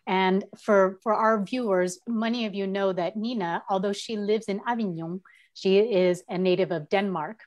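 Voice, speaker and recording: A woman hosting a video interview who steps in with polite, measured questions. She speaks at an ordinary mid pitch. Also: fairly even intonation, darkish tone. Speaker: host, managing editor.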